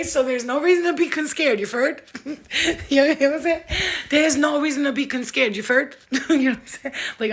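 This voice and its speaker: A young woman with a slightly husky, fairly high voice chats to her camera about spirit and channeling. She laughs through her words, swears freely and leans on street slang. The talk is loose and playful, like a casual vlog.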